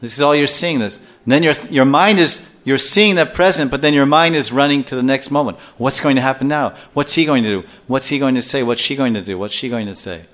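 An older man giving a scripture class lecture as a spiritual teacher, telling stories in a lively way and acting out little scenes. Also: mid-range voice, a little fast, few pauses. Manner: animated storyteller who acts out scenes and chuckles often.

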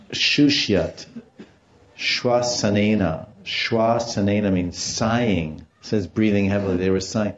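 A man with a lowish, mellow voice gives a devotional lecture in a storytelling manner. He stops to explain Sanskrit terms along the way. The recording is somewhat dull and lo-fi. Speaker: religious teacher.

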